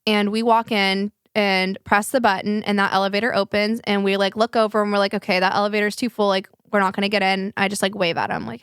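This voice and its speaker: Animated, profane young woman telling a story. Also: medium pitch, quick pace, clean tone, no room sound, clean studio sound. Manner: animated, profane, acts out quotes in a raised voice. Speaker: podcast host. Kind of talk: casual storytelling chat.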